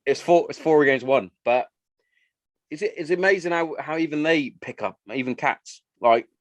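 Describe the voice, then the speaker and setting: Telling stories on his podcast, a man in his thirties chats casually and performs his family's lines. He has a voice on the high side and a moderate pace, captured in a dry recording.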